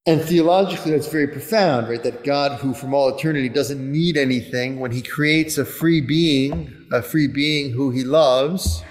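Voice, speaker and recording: A man's voice: mid-range voice, normal speed, few pauses. A man preaching a sermon in an earnest, conversational way, turning at times to spoken prayer, probably a priest. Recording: long reverb of a church.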